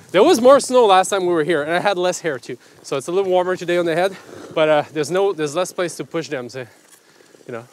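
A man's voice: fairly high pitch, animated, quick pace, a little hiss or hum. Playful father vlogging on a handheld camera outdoors, voice jumping up and down. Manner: playful and teasing, often laughing. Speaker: father filming a family vlog. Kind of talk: casual vlog chat. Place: outdoors at a forest ice rink in snow.

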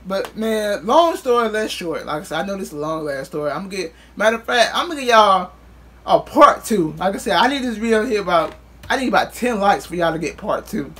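A man's voice: sits high, expressive, brisk, fairly bright tone. A man vlogger telling a casual storytime in loose, profane street talk, acting out what others said.

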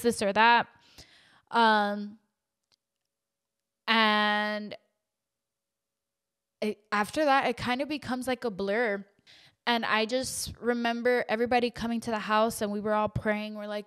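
A young woman hosting a podcast, telling a painful personal story in a halting, emotional way, close to tears. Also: a little high, a bit bright, clean tone. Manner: emotional, halting, with many fillers and restarts. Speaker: podcast host.

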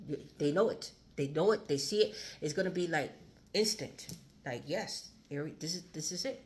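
Low-voiced woman giving a tarot reading. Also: moderate pace, slight background noise. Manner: chatty, repetitive, swears, laughs. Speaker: tarot reader.

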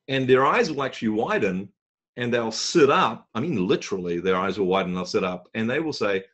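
A man presenting a marketing webinar, telling a story and acting out the dialogue, often clearing his throat. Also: on the low side, lively intonation, brisk, muffled recording.

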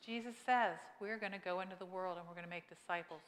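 A woman pastor delivers a sermon in a lower-pitched voice, lively and teasing as she questions her congregation. Her words linger in the long reverb of a church sanctuary. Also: fast talker.

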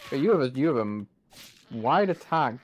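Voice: mid-range voice, big pitch swings, moderate pace. A gamer commentating on their own play, swearing often and complaining in frustration. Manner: swears a lot and vents at the game. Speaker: gamer playing through a game. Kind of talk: gameplay commentary.

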